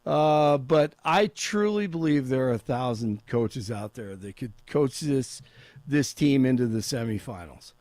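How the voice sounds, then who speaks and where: A man's voice: mid-range voice, animated, a little slow, a little mellow, dry recording. A man on talk radio reading a sports update and joking with the hosts, laughing often. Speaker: sports and news update anchor. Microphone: studio microphone.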